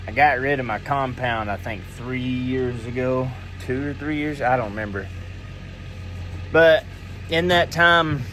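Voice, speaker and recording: A man talking slowly and emotionally to the camera outdoors in the woods while bowhunting. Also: medium pitch, fairly bright tone, a little hiss or hum. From Arkansas. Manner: slow, emotional, drawling and thankful. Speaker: bowhunter filming his hunt. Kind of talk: outdoor hunting vlog talk to camera.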